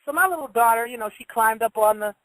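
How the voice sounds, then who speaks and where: A woman's voice: fairly high pitch, expressive, fast talker, fairly bright tone, no room sound, rough recording. A woman hosting a casual monologue who tells stories bluntly, swears freely and acts out the voices of the people she quotes. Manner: blunt storytelling, profane.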